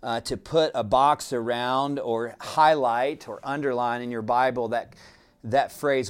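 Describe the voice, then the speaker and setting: A male pastor delivers a sermon in a smooth, resonant voice of ordinary pitch for a man. He preaches deliberately and reflectively, often pausing on "uh" as he gathers his thoughts. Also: steady tone.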